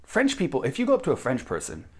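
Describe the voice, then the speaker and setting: A man's voice: mid-range voice, huge pitch swings, quick pace, a little mellow, breathy edge. An American man giving a blunt, profane opinion monologue as a vlogger. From United States.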